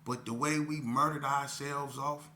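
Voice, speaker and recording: A middle-aged man from Las Vegas tells his own story in casual street talk, earnest and rambling. His voice is bright and forceful, and a faint hum sits under it. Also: mid-range voice, fairly even intonation, measured pace. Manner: earnest, rambling, drops "you know what I'm saying" often. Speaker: host telling his life story.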